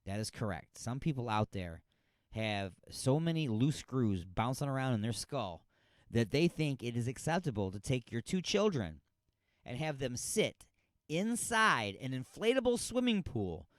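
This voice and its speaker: A man's voice: mid-range voice, big pitch swings, unhurried, no room sound. Sarcastic ranting male radio host. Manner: sarcastic, exasperated, scolding. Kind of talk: ranting commentary on a news story.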